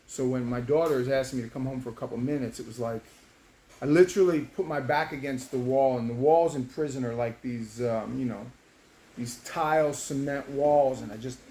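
A man's voice: mid-range voice, brisk, mellow. A man in his fifties, a former prisoner, telling a personal story in a casual, emotional way, with many halts and restarts. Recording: roomy room with faint background noise.

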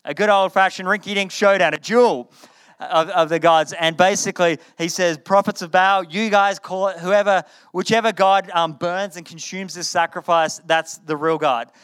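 Smooth-voiced man preaching casually. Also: sits high, normal speed. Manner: conversational, animated retelling with repeated words. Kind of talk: sermon. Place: in front of a live audience.

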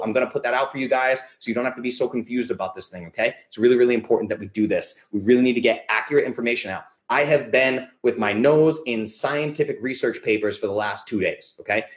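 A man hosting a live podcast, ranting bluntly and swearing freely, repeating his points for emphasis. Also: mid-range voice. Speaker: podcast host. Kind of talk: live-streamed podcast monologue. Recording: roomy echo.

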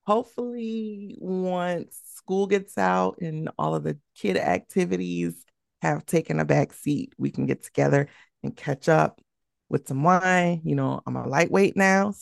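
A woman's voice: lowish voice, unhurried, gravelly, dry recording, studio quality. A woman co-hosting a podcast, chatty and teasing, still recovering from a sore throat. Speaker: podcast co-host. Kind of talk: casual podcast chat.

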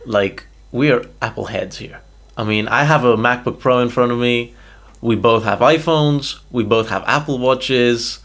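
A man's voice: mid-range voice, unhurried, a bit bright. A young man co-hosting a podcast, chatting casually and animatedly, often tagging "okay?" onto his points. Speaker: podcast co-host. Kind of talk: casual chat.

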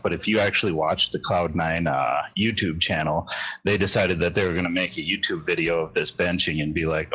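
Male caller from North Dakota, very deep and husky, lays out his case earnestly. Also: fairly even intonation, moderate pace, pushed and bright, rough recording. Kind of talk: casual call-in chat.

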